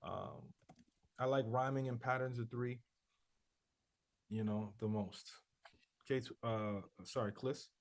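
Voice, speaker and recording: A man's voice: medium pitch, fairly even intonation, takes it slowly, long pauses. A man teaching a rhythm class, repeating student answers back and scatting syllable patterns to demonstrate flows. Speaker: rap rhythm instructor. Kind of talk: casual class review.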